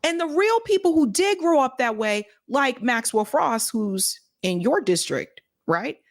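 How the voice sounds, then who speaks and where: A woman's voice: high-pitched, very animated, unhurried. A woman co-hosting casual political commentary, blunt, incredulous and openly profane. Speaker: co-host.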